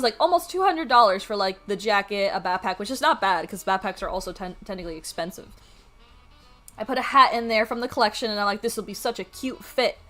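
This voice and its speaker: A woman streamer telling a story to her chat at home, animated, swearing freely and laughing as she goes. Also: on the high side. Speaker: art streamer.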